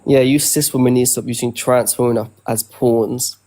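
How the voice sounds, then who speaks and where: A man's voice: mid-range voice, steady tone, moderate pace, dark tone. A man not from the US in casual live-stream banter, chatty and teasing, full of slang. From outside the US.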